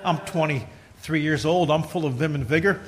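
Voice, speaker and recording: A man's voice: a little high, moderate pace. A middle-aged man preaching a folksy sermon, talking conversationally through personal stories and building to emphatic points.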